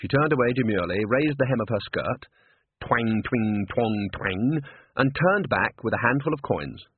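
Husky-voiced male audiobook narrator. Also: mid-range voice, expressive, normal speed. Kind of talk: scripted narration. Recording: dry, narrow lo-fi band.

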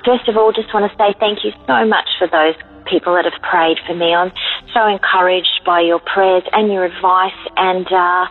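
An Australian woman calling in, chatty and rambling as she asks for prayer. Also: fairly low pitch. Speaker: caller. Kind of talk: phoned-in prayer request. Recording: tinny phone line, faint music.

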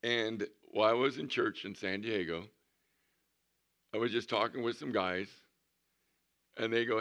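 A man's voice: lowish voice, measured pace, long pauses, a bit bright. A man in his sixties, a pastor preaching a conversational sermon with humorous storytelling in a church. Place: church sanctuary.

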